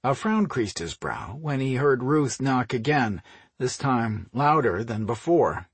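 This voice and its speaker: A man reading a novel aloud in a steady, measured storytelling voice. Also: mid-range voice, husky, no echo. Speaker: audiobook narrator. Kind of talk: scripted narration.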